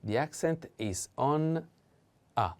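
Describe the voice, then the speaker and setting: A man teaching vocabulary in a patient language lesson, repeating each word slowly and pausing with fillers. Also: medium pitch, expressive, dark tone. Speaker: Italian teacher.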